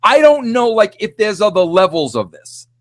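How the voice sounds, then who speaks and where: A middle-aged man hosting a podcast, ranting in a rambling, excitable way full of restarts and filler words. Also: high voice, normal speed. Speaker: podcast host. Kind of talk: animated solo rant.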